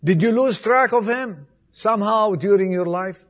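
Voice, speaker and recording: A man preaching an Easter sermon, with emphatic repetitions, swinging between loud appeals and soft, hushed passages. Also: sits high. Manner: slow, emphatic delivery with repetitions.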